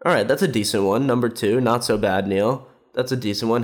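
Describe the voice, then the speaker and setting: A man's voice: mid-range voice, moderate pace, few pauses. Sarcastic man ranting casually. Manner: sarcastic, mocking, rambling with fillers; mimics quoted speech with raised voice.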